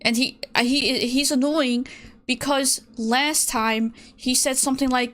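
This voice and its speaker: A young woman streamer talks to her chat while she paints. Her voice sits a little high and she speaks slowly, drifting from easy chatter into exasperated rants. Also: steady tone, a bit bright. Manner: chatty, exasperated ranting, reads chat aloud.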